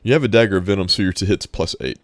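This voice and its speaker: A man's voice: deep voice, racing, dry recording, studio quality. A man narrating as game master in a tabletop game, rambling and descriptive. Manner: rambling, descriptive, many restarts.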